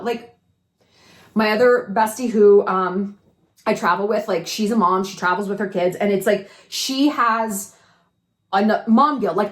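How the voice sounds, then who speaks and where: A woman's voice: medium pitch, a little slow. A woman giving frank advice in a casual monologue to camera, swearing freely and firing rhetorical questions. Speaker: advice vlogger. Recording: echoey room.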